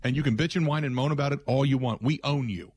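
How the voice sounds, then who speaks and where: A man's voice: mid-range voice, fast, darkish tone, a little hiss or hum. A man hosting sports talk radio, delivering a blunt, emphatic opinion monologue with frequent restarts.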